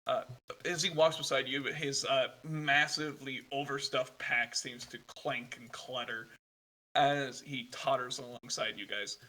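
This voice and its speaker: A man's voice: medium pitch, fairly even intonation, unhurried, pushed and bright, poor audio. A man narrating a tabletop game as game master, rambling with lots of fillers.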